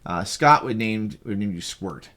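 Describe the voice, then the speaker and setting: A man's voice: fairly low pitch, lively intonation, measured pace, bright, forceful tone. A man acting as game master who walks a friend through making a tabletop game character, talking in a breezy, teasing way with frequent restarts. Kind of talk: casual tabletop game explanation.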